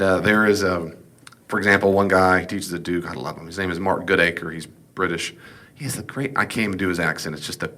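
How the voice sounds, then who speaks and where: A man's voice: sits low, pushed and bright. A man giving a casual, folksy Bible class lecture, with jokes and asides. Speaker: Bible teacher.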